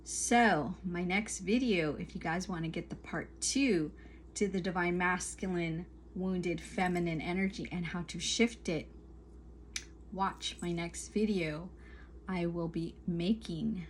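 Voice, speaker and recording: A woman's voice: lowish voice, slow pace, slight background noise. Earnest woman giving spiritual advice. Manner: earnest, repetitive, emphatic lists. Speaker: spiritual coach. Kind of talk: casual talking-to-camera advice.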